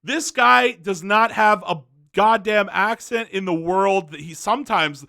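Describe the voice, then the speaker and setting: A man's voice: high-pitched, a little slow, vocal fry, pushed and bright. A young man giving a casual, rambling movie review, often restarting his sentences.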